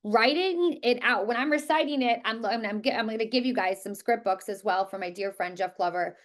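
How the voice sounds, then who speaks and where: A woman teaching a real estate class, talking quickly and emphatically and repeating words for stress. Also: a little high. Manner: talks quickly. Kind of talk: live class presentation.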